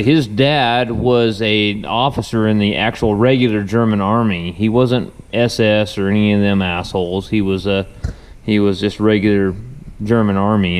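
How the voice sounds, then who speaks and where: A man's voice: lowish voice, clean tone. A young man, a repair mechanic, talking casually in a rambling, folksy way with many restarts. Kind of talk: casual shop vlog talk.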